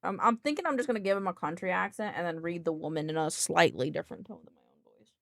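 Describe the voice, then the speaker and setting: A woman's voice: lowish voice, quick pace, vocal fry, fairly bright tone, no echo. A woman streamer reading a document aloud with chatty, thinking-aloud asides into a close desk microphone. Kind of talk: reading aloud with casual commentary.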